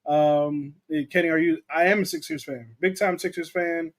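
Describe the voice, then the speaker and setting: Co-hosting a laid-back livestream about films, a young man talks casually and reads comments from viewers aloud. His voice sits on the high side, with fairly even intonation and a normal pace.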